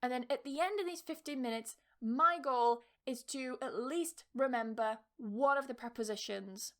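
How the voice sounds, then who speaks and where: Woman, high voice, English teacher and podcast host; casual, blunt, emphatic, swears now and then. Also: moderate pace, fairly bright tone. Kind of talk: casual motivational talk.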